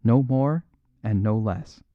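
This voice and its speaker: A man voicing an eager, boyish young aristocrat who talks with excited, emphatic insistence. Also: mid-range voice, takes it slowly, dry recording, narrow, tinny audio, lightly acted.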